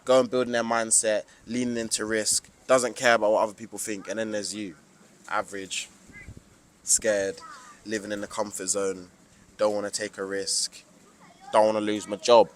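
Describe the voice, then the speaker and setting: A man's voice: fairly low pitch, level tone, normal speed. A young man from the UK with a British accent, giving an emphatic, preachy motivational monologue to camera with lots of slang. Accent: British English. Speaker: vlogger.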